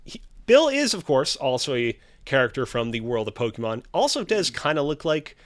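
Animated male quiz show host. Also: medium pitch, moderate pace. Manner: theatrical, teasing quiz-host delivery. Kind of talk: game show hosting, reading clues.

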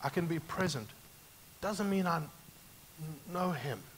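A man pastor preaching a sermon, emphatic and animated, moving sharply between loud and quiet passages. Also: on the high side, unhurried, slight background noise.

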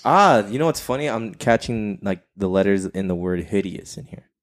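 A man co-hosting a casual chat show, relaxed and chatty, with a slight lisp that he mentions himself. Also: on the low side, moderate pace. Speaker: podcast co-host.

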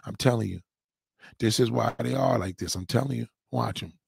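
A man's voice: mid-range voice, a little fast, gravelly, a little mellow, slightly rough, dry recording, clean studio sound. A man hosting a livestream, mocking and heckling a guest in a clip with profane, repetitive commands. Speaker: livestream host reacting to a clip. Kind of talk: profane live commentary.

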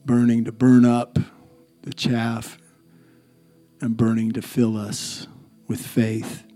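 Man, pastor, sermon, slow delivery, mellow voice, faint music behind. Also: medium pitch, monotone.

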